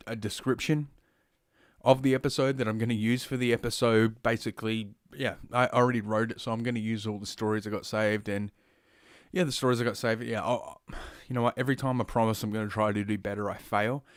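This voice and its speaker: A man with an Australian accent hosts a solo podcast, reading news stories aloud and veering into rambling, profane, sarcastic asides. His voice is fairly low and steady, a little fast, in studio-quality sound with no room sound.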